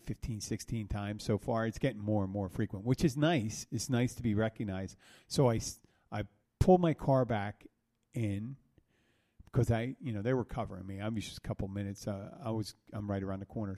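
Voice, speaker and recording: A man's voice: fairly low pitch, warm tone. A man hosting a solo podcast, telling a rambling story that restarts and corrects itself as he talks. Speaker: podcast host, bartender. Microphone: soundboard mic.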